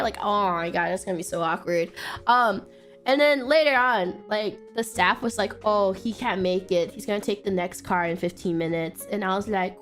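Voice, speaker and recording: A young woman VTuber telling a story on stream in a casual, chatty way, full of fillers and bursts of excited shrieking. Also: mid-range voice, moderate pace, faint music behind. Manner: animated, laughs and shrieks when excited; frequent fillers like "like" and "um".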